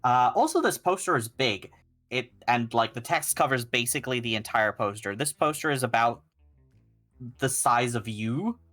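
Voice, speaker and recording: A man running a tabletop game, describing the scene in an unhurried way and thinking aloud as he goes. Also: medium pitch, bright, forceful tone, faint music behind. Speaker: game master.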